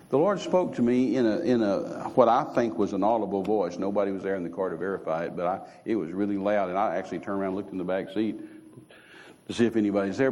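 A middle-aged man, preaching a sermon as a story and acting out the voices he quotes. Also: darkish tone. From Texas. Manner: storytelling, acts out quoted voices with rising pitch. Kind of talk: sermon testimony.

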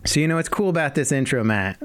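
A man's voice: on the high side, expressive, fast talker, clear, resonant tone. A man co-hosting a podcast, chatting casually and joking around with lots of fillers. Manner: joking, easygoing, many fillers. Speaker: podcast co-host.

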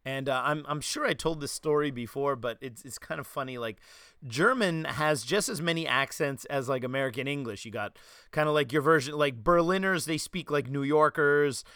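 New York guy, podcast host, animated storyteller, a bit higher voice, dry studio sound. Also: normal speed, clear, resonant tone, no room sound. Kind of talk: casual chat.

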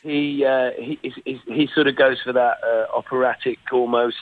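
A man's voice: mid-range voice, fairly even intonation. Man rambling over a phone line. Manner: rambling, halting restarts. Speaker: musician guest. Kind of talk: casual interview chat.

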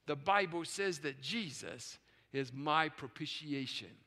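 A man preaching a sermon to a live congregation, swinging from hushed low passages to loud shouted peaks. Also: lively intonation, unhurried, long reverb tail. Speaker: pastor. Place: large church sanctuary with choir and orchestra. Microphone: live stream.

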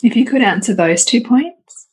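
A woman co-hosting a podcast, speaking effusively and gently steering the conversation with questions. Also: on the high side, lively intonation, normal speed. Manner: enthusiastic, effusive, gently prompting. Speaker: podcast co-host.

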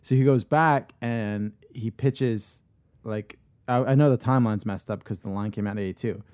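A man's voice: on the low side, moderate pace, a little mellow, clear, resonant tone, no echo. Rambling casual man on a dry mic. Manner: rambling, many fillers and restarts. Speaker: podcast co-host pitching a movie idea. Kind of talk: casual podcast chat.

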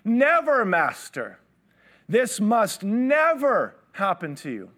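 A man's voice: sits high, big pitch swings, fast, pushed and bright, slight background noise, voice pushed up, exaggerated voice. A man voicing an impulsive male disciple who insistently protests to protect his teacher. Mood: protesting. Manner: insistent, emphatic.

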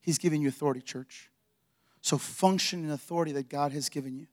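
A man's voice: a little high, fast talker, a little mellow. A man preaching a sermon in a church as pastor, telling stories with energy and acting out the dialogue.

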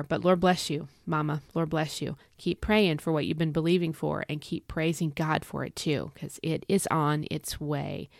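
A woman with a fairly low voice hosts a devotional podcast and talks earnestly to her listeners. She leans on repetition to drive her points home. The sound is close and dry, with no room around it. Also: vocal fry, dry recording. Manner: earnest, encouraging, repeats key phrases. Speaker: podcast host.

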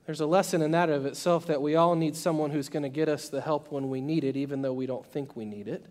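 A man preaching a sermon, telling a story and acting out its voices, swinging between loud and soft. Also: a little high, fairly even intonation, fast talker. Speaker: pastor.

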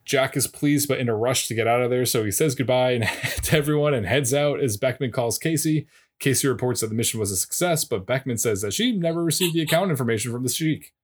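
A man co-hosting a podcast, walking through a TV episode plot in a steady recap with dry asides. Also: medium pitch, quick pace. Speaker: podcast co-host. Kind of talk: casual recap chat.

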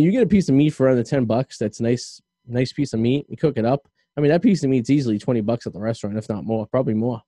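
A male radio host with a very dark, mellow voice, chatting casually and rambling through his thoughts with plenty of fillers. The sound is dry and close, with little room around it. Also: mid-range voice, dry recording. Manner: rambling, loose, filler-heavy talk. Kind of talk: casual chat.

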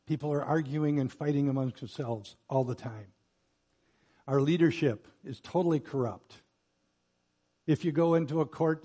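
A man's voice: medium pitch, slightly rough. Man preaching a Bible sermon. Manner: preaching with rising emphasis on scripture lines, dropping quiet and intimate in asides. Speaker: pastor.

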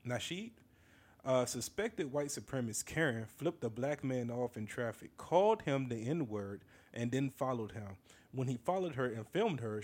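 Man, podcast host, casual chatty commentary, laid-back, amused asides, mid pitch. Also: a little mellow. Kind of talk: casual commentary over a played video.

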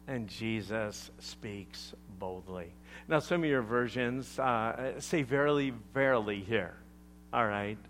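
A man preaching a sermon as pastor, emphatic and animated, leaning on deliberate pauses. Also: mid-range voice, a little hiss or hum.

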